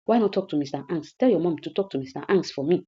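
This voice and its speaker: A desperate husband begs his family for help while secretly plotting revenge, put on lightly by a Nigerian woman retelling a film. The voice stays low and mellow and keeps circling the same pleas. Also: animated, quick pace, breathy edge, highs cut off. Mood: pleading. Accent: Nigerian English. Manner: repeats his lines, pleading. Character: troubled scheming husband pleading and plotting.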